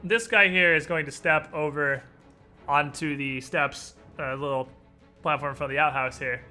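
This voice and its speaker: A man narrates a tabletop game as game master, with playful, quick asides. His voice is very bright and sits fairly high. Faint music plays behind him. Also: steady tone.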